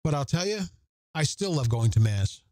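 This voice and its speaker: An earnest man hosting a podcast, his voice mellow and warm. He leans on repeated phrases for emphasis and moves between reading passages aloud and talking them through, recorded dry and close. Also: a little high, big pitch swings, normal speed, dry recording. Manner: reads scripture aloud and comments on it. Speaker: podcast host. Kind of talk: reflective Catholic podcast commentary.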